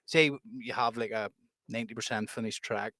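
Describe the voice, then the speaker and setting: A man's voice: lowish voice, fairly even intonation, a little fast, sharp tone, dry recording, clean studio sound. A man, chatting casually as co-host about producing music, laughing often. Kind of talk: casual chat.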